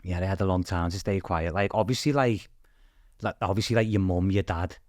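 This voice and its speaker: A man's voice: sits low, fairly even intonation, fairly quick, a little mellow, no room sound, studio quality. A man with a Scouse accent, a podcast guest chatting casually and rambling through stories, full of "like" and "obviously". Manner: rambling storyteller, leans on "like" and "obviously". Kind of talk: casual chat.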